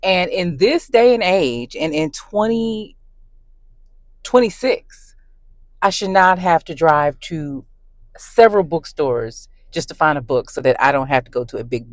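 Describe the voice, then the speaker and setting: A woman with a low-pitched voice vents in a casual vlog rant, emphatic and conversational as she tells her story. The sound is close and dry, with almost no room echo. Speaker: book vlogger. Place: in her car.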